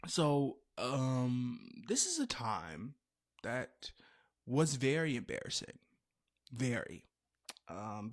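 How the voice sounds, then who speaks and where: A man in his twenties hosting a podcast, telling stories in a loose, animated way with playful asides. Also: mid-range voice. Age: 20s. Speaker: podcast host. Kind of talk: casual chat.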